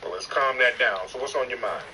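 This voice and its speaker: Male chat host, mock-stern roaster, loud bursts; distant, noisy capture. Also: medium pitch, a little fast. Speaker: host of a live audio chat stream.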